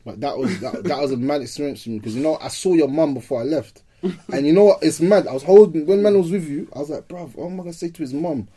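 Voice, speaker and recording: A young man with a London accent, telling a story in casual chat and acting out the quoted shouts. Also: on the high side, fast, breathy edge. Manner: animated, acts out shouted quotes.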